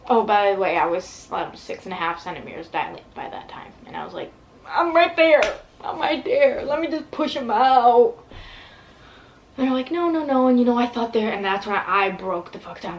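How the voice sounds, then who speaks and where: A woman's voice: medium pitch, vocal fry, a little hiss or hum, low-quality recording. A young woman vlogger telling a long personal story in casual, rambling talk full of fillers and swearing.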